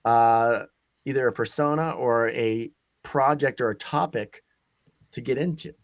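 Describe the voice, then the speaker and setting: A man's voice: medium pitch, a little slow, no room sound. A man hosting a casual livestream chat, talking loosely with many fillers and restarts. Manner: loose, rambling, frequent fillers. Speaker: host.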